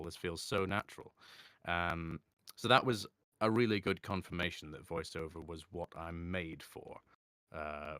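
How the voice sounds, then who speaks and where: Male voice actor, deep register, smooth crisp tone, mostly English accent with slight Edinburgh flavour, relaxed guest Q&A. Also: no room sound, clean studio sound. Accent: mostly English with soft Edinburgh traces. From Scotland (Edinburgh). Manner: chatty, many fillers and restarts, laughs easily. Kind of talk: casual answering of questions.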